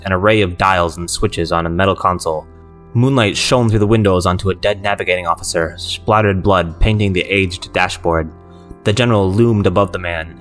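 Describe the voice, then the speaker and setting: Deep-voiced man narrating horror. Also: fairly bright tone.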